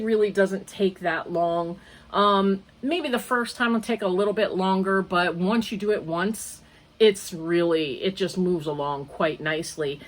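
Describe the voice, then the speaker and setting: A woman's voice: medium pitch, a bit bright. Older lady rambling on her crochet podcast, wanders off topic and laughs at herself a lot. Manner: rambling, digressive storytelling with frequent laughs. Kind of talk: casual chat.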